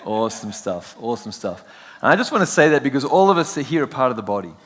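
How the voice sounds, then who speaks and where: A man's voice: mid-range voice, sing-song, quick pace, fairly bright tone. An Australian man giving a chatty, joking sermon as a guest preacher. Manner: chatty, self-joking, laughs often. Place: church sanctuary. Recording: long church hall reverb.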